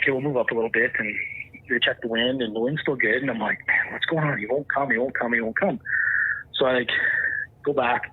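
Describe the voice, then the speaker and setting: Male guest storyteller, husky voice, tinny phone-like sound, lively hunting-yarn delivery. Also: mid-range voice. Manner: animated, re-enacts dialogue and moose calls. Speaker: podcast guest, hunter. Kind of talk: casual storytelling.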